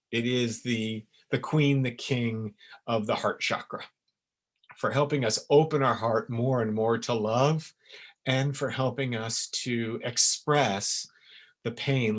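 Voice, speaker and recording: Earnest guy giving a webinar talk, gets emphatic, normal pitch. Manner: earnest, emphatic, with sudden lively jumps. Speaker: essence maker teaching a webinar. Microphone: webinar recording.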